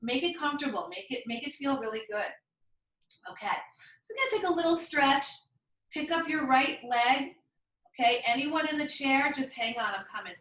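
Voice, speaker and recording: Woman yoga teacher, bright voice, a bit high, encouraging, echoey room off-mic. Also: expressive, normal speed, recorded from a distance. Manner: encouraging, chatty, talks through each move. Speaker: yoga instructor. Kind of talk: guided yoga class instruction.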